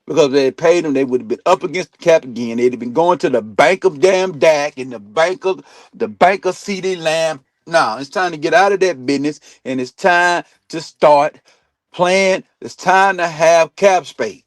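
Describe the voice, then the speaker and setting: Heated, high-voiced man ranting about football. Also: moderate pace, no echo. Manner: heated, blunt, swears a lot, swings loud and quiet. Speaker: sports talk show host. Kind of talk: profane sports opinion rant. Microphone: streaming mic.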